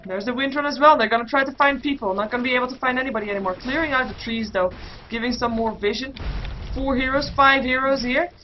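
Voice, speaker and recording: A woman casting an online game match solo, calling the action play by play and getting louder in the fights. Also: a little high, a little hiss or hum. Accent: Dutch. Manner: rapid play-by-play, excited bursts in fights, many fillers. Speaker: esports caster. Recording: muffled lo-fi stream audio.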